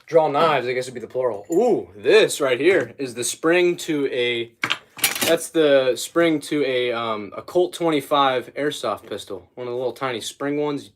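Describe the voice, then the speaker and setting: A man's voice: medium pitch, lively intonation, unhurried, slight background noise. Rambling young man livestreaming his craft. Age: young adult. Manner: rambling, easily sidetracked, talks to chat. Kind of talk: casual livestream chat while bowmaking.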